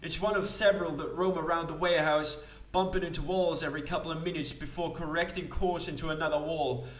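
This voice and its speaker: A man doing a gossipy posh gentleman. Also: a little high, steady tone, fast talker, roomy sound, distant mic, pitched above the performer's own voice, close to an everyday voice. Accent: British.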